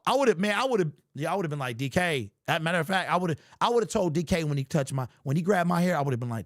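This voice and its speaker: A man's voice: on the high side, rapid-fire, few pauses, dry recording, studio quality. A man hosting a casual sports talk show, joking around with big exaggeration and lots of slang. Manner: animated, joking and hyperbolic, slangy.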